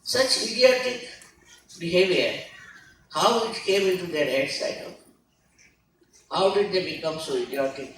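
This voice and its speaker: A woman's voice: on the low side, lively intonation, a little slow, pauses often, a little hiss or hum. A woman giving an emphatic sermon as a spiritual teacher, scolding and asking rhetorical questions. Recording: echoey hall recording from far off.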